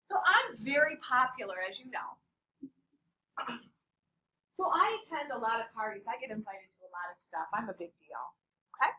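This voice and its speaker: A woman with a high, bright voice teaching a classroom lesson, swooping up and down as she quizzes her students in a playful way. She is picked up from across the room. A faint hiss sits under the voice. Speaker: Spanish teacher. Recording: distant classroom mic.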